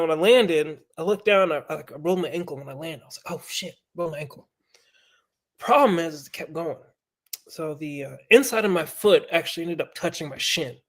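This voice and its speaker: A man on a podcast telling a story in a casual, profane, animated way. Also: fairly high pitch. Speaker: podcast guest.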